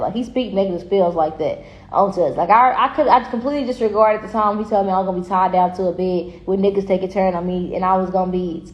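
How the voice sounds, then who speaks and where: A woman gives a casual tarot reading in a mid-pitched voice, blunt and full of profanity. She talks in an animated way and laughs often. The sound is roomy and echoey. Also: muffled recording. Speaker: tarot reader. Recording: echoey room.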